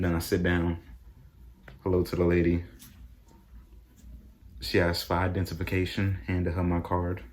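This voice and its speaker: A young man tells a casual vlog story and acts out his own reactions, jumping into high-pitched exclamations. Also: a little mellow. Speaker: vlogger.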